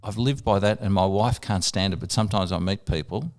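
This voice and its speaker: An older man with an Australian accent and a fairly low voice tells his stories in an easy, anecdotal way. He is a veteran broadcaster, unhurried as he recalls old gigs. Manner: anecdotal, relaxed storyteller, brief quoted voices. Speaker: radio broadcaster and guest. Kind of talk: storytelling in a podcast interview.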